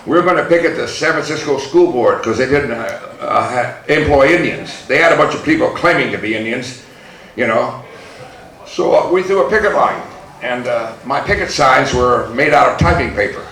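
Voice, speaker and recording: An older man with a gravelly, rough-edged voice tells stories in a blunt, profane, laughing manner. He speaks as an activist addressing a reunion audience. The recording is echoey, as in a large hall. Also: fairly high pitch, a bit bright. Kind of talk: storytelling speech.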